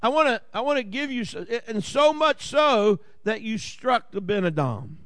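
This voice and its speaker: Man, Southern Ohio accent, preaching, high voice, folksy asides, dry close recording. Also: lively intonation, normal speed, a bit bright, no room sound. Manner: folksy, jokey asides and repeated "Amen?" to the congregation. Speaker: pastor. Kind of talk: sermon.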